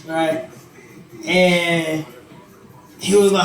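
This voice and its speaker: A man's voice: high-pitched, a little slow, pauses often, soft background music. A man hosting a podcast, telling a funny story in casual chat, laughing and acting out what people said. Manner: animated storyteller, laughing, swearing, acts out quotes. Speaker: podcast host. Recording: very echoey room.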